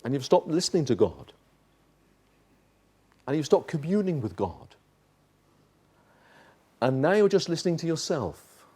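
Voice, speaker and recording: A man preaching in a chapel, his voice mellow and set a little high for a man. He fires direct questions at the congregation and presses them with urgent, impassioned pleading. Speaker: pastor. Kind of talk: sermon.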